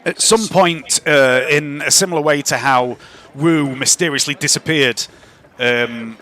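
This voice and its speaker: A man narrating and running a tabletop role-playing game in a relaxed way, with fillers. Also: a little high, a little slow. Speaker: game master.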